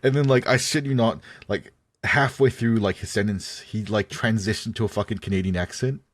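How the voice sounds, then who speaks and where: A young man with a lowish voice talks through a story in loose podcast chat. He piles up fillers and chuckles, and the sound is close and dry. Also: brisk, dry recording. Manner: rambling, heavy with "like" fillers, giggly. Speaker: podcast co-host. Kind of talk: casual chat.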